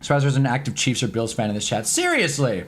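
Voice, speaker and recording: A man's voice: mid-range voice, wildly swooping pitch, quick pace, breathy edge, soft background music. A man hosting a casual live sports stream at his own desk mic, loose and chatty, swearing now and then and talking to his chat.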